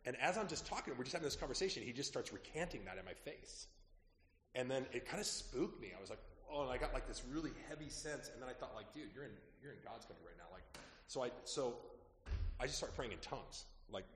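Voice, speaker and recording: A man preaching as a pastor, telling stories in a lively, conversational way that drops quietly at asides. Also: mid-range voice, fast talker, a little hiss or hum. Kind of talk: sermon storytelling. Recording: echoey hall with long reverb.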